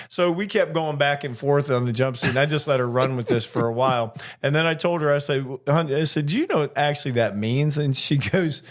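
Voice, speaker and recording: A man's voice: on the high side, moderate pace. An older man co-hosting a casual chat as a flight attendant, telling stories, laughing often and swearing casually. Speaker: podcast co-host, flight attendant.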